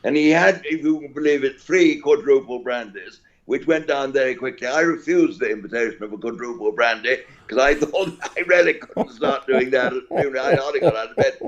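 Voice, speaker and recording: A man's voice: mid-range voice, brisk, hardly any pauses. An older man with an English accent, a cricket commentator telling rambling, chuckling anecdotes as an interview guest. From England. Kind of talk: anecdotal storytelling. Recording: dull lo-fi audio.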